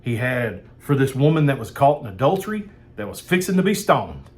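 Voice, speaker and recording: A man's voice: medium pitch, big pitch swings, brisk. A man preaching a sermon in a fired-up, emphatic way, repeating phrases for emphasis.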